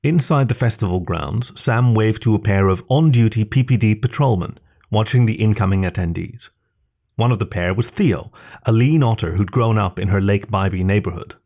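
A man reading a story aloud in slow, even narration. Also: on the low side. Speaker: story reader. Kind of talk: scripted narration.

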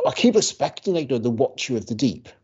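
This podcast co-host chats casually, eager and loose, with lots of "likes" and sentences that trail off. His medium-pitched voice is very animated and fast, with a breathy edge. The recording has its highs cut off.

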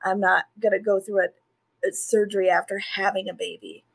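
A young pregnant woman co-hosting a casual podcast chat, blunt and expressive, swearing freely. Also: medium pitch, brisk, creaky, husky. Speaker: podcast co-host.

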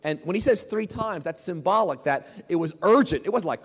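A man preaching a sermon from the pulpit, his pitch running a little high and swinging widely as he presses home each point. He repeats key phrases for emphasis and asks questions of the congregation. The sound carries a long reverb from a large hall. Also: animated, fairly quick, slightly rough. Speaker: pastor.

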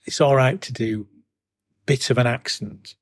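A man's voice: medium pitch, normal speed. A man co-hosting a gaming podcast, chatting casually and often ending his points with tag questions. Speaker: podcast co-host. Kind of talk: casual chat.

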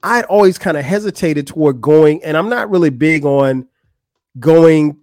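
A man's voice: on the high side, normal speed, a little mellow, no echo, clean studio sound, soft background music. A man in his forties from the United States, hosting a podcast and telling a story in loose, slangy casual talk with restarts. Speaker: podcast host.

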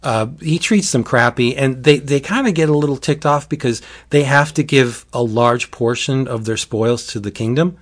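A man's voice: medium pitch, moderate pace, few pauses. Man in casual chat retelling a book, rambling delivery, frequent restarts and laughs. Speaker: book reviewer.

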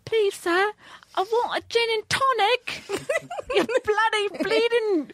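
A woman putting on a shrill mock cockney urchin. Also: very slow, a bit bright, no room sound, clean studio sound, full character voice. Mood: rowdy. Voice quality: shrill, exaggerated mock accent. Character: rowdy cockney-ish urchin woman, young. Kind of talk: comedic improv bit.

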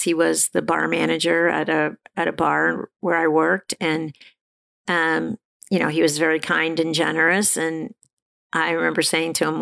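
A middle-aged woman candidly telling her personal recovery story as an interview guest, halting and restarting as she talks. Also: low voice, gravelly, fairly bright tone. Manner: halting, frequent restarts and fillers, laughs now and then.

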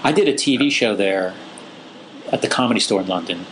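A low-voiced American comedian telling stories in a relaxed chat, lively and quick to mimic the people he quotes. A faint ambience sits under his voice. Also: slight background noise, rough recording. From United States. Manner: storytelling, lively, does voices when quoting. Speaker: stand-up comedian. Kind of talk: casual podcast chat.

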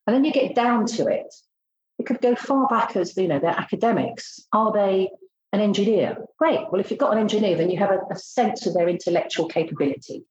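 A woman's voice: mid-range voice, expressive, brisk, a little mellow, muffled recording. A woman, a recruitment consultant talking bluntly and emphatically in a casual interview. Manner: blunt, emphatic, acts out exchanges.

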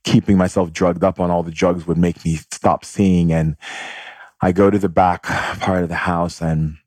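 Very deep-voiced man telling a story. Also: little pitch movement, normal speed, a little mellow, no room sound, clean studio sound. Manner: rambling, full of fillers and quoted dialogue. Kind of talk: casual personal storytelling.

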